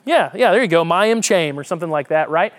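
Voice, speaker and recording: A man's voice: fairly high pitch, very fast. A man preaching a conversational sermon, reading scripture and explaining it with frequent restarts. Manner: lively, conversational, repeats words while thinking. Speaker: pastor.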